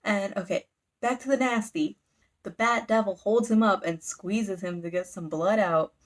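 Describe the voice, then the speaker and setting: A woman's voice: medium pitch, moderate pace. Woman rambling through a manga recap, giggly, lots of likes and fillers. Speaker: manga reviewer. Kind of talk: casual chat recap.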